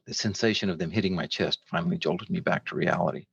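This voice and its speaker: An older man, an author, reading from his novel in a measured, steady way. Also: low voice, creaky, husky, no room sound, muffled recording.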